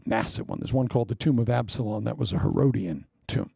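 A man preaching a sermon in an animated way, asking the congregation rhetorical questions. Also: fairly low pitch, fast, creaky, husky, dry recording, clean studio sound.

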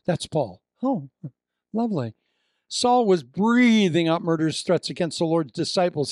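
Animated gravelly older male preacher. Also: sits high, dry recording, studio quality. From Iowa. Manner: animated storytelling with acted-out voices. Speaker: pastor. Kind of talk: sermon.

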